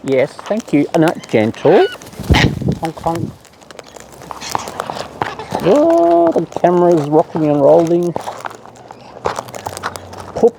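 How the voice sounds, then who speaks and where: A man's voice: on the high side, measured pace, pauses often. A man chatting to wild birds outdoors in playful baby talk, full of coos and silly nicknames. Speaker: bird-feeding vlogger. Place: outdoors among wild cockatoos. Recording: noisy outdoor recording.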